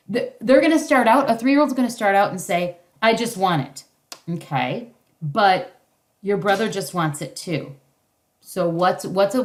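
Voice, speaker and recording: A middle-aged woman leading a parenting workshop over a video call, teaching casually and acting out short parent and child lines. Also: medium pitch. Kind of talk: casual instructional talk.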